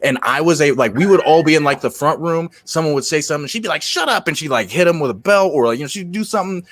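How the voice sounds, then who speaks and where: A man, a comedian and podcast host, telling animated stories in casual chat, swearing and laughing often. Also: fairly high pitch, fast talker.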